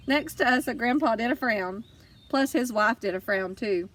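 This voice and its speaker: Lady reading a kids book, high voice, lively and expressive. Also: normal speed, far from the mic, slight background noise. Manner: lively, expressive first-person storytelling. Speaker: audiobook reader. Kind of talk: children's audiobook narration.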